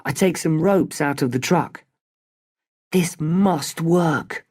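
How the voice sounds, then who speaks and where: A storybook narrator reading at a slow, deliberate pace, each sentence clear and separate. The pitch sits in the middle range with a steady delivery. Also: dry recording, studio quality. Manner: slow, clear, evenly paced.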